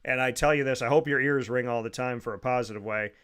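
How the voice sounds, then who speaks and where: Male sports show host, chatty, upbeat, sincere, average pitch. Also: fast, fairly bright tone, smooth. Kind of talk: casual sports talk show.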